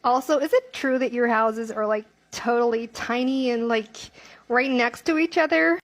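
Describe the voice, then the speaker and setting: A woman's voice: on the high side, normal speed. A woman asking naive questions, full of fillers, in a casual social media clip.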